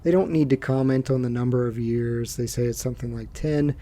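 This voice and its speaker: A man's voice: mid-range voice, fairly quick, dark tone. A man co-hosting a casual movie podcast, making brief, dry remarks. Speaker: podcast co-host.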